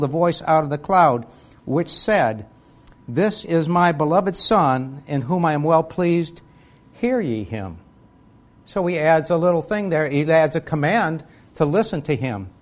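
Man preaching a sermon. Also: on the high side. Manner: reads scripture aloud in King James wording, then asks the listeners questions.

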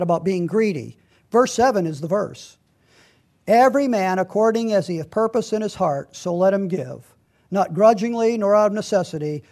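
A middle-aged male pastor with a high-pitched voice delivers a sermon. He reads scripture aloud and leans into his points, swinging between quiet asides and loud emphasis. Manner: preaching with rising emphasis, reading scripture aloud.

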